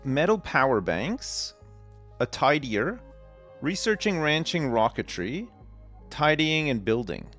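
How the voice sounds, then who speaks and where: A man's voice: on the high side, very animated, slow pace, fairly bright tone, soft background music. A man hosting a livestream, casually commenting on his gameplay, rambling and self-deprecating, and reading game text aloud. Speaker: livestream host.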